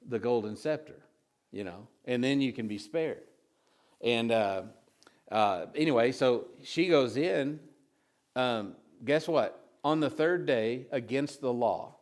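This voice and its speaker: Give me a man preaching casually, reading scripture and chatting through the story. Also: mid-range voice. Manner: conversational preaching, with many restarts and asides; retells scripture with acted voices. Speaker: pastor.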